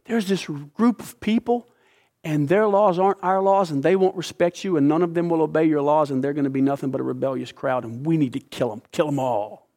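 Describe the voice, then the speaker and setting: A man voicing an arrogant, vengeful male royal official who is boastful, loud and scheming. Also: fairly high pitch, a little fast, natural voice. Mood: persuasive.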